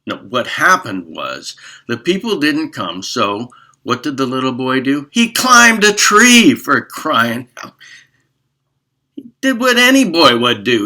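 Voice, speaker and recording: A man's voice: medium pitch, sharp tone. A man retelling a fable in a casual, rambling way full of fillers and restarts. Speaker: storyteller. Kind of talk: casual spoken storytelling.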